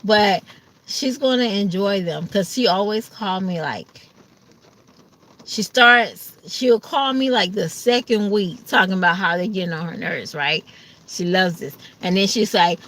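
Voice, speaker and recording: Slow-talking sleepy woman chatting with y'all. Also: lowish voice, fairly bright tone. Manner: chatty, addresses viewers as y'all, acts out family voices. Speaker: vlogger. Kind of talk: casual chat to camera.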